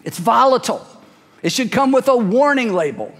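High-voiced man preaching in a reverberant hall. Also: sing-song, fairly bright tone. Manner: emphatic, slows down to stress words. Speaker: pastor. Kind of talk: sermon. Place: church.

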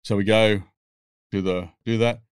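A man's voice: lowish voice, fairly even intonation, a little slow, smooth, dry recording. Aussie bloke in his 60s, cursing constantly through long rambling yarns, dry recording. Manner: profane, rambling anecdotes. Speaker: podcast guest. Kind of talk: casual storytelling.

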